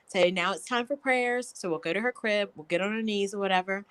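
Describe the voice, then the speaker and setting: A woman in her thirties, a guest telling chatty, lively stories in a casual talk. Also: mid-range voice, a little fast, clear, resonant tone. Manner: lively, chatty storyteller who acts out quotes. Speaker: guest, construction company owner. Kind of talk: casual chat on a live show.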